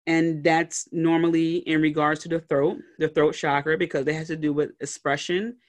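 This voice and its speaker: A woman's voice: low-pitched, little pitch movement, normal speed. A woman hosting a solo podcast, giving conversational motivational advice and checking in often with her listeners. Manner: conversational, checks in often with "okay?" and "all right?"; acts out little scenes with brief put-on voices. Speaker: podcast host and life coach.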